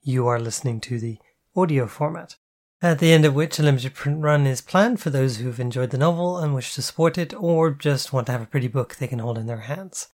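An author reads their own novel aloud for an audiobook. The delivery is steady and even, in a mellow, dark tone at a middling pitch. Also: a little fast.

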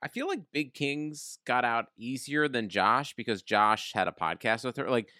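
A man's voice: medium pitch, animated, normal speed, bright, forceful tone, dry recording, clean studio sound. A man co-hosting a casual podcast, joking and sarcastic. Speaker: podcast co-host.

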